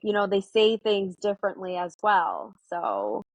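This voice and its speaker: A woman's voice: medium pitch, very animated, measured pace, no room sound, poor audio. Chatty young woman saying "like" a lot. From United States. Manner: chatty, lots of "like", acts out her own quotes. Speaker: therapist, guest. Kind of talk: casual interview chat.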